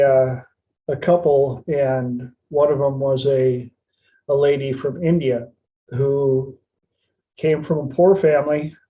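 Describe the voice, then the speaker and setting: A man's voice: medium pitch, mellow, dull audio. A man hosting a podcast, telling a story in a casual, chatty way and putting on playful voices for the people in it. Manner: retells anecdotes, slipping into playful voices for the people in them. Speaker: podcast host.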